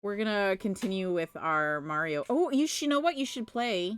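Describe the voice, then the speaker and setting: A woman's voice: mid-range voice, expressive, moderate pace, smooth. A woman at home, chatting on a live stream with exasperated, playful storytelling and teasing. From Canada. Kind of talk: casual live-stream chat.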